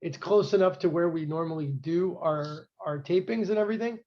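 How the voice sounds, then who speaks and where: High-voiced man in casual wrestling chat. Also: fairly quick, a loud crowd. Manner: rambling, filler-heavy, knowledgeable about wrestling history. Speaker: podcast co-host. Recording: dull lo-fi sound.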